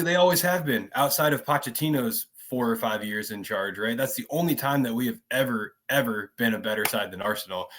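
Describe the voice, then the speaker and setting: A man's voice: medium pitch, fairly bright tone, slight background noise. A man co-hosting a casual football podcast, talking in an emphatic, opinionated way and often tagging his points with "right?". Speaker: podcast co-host.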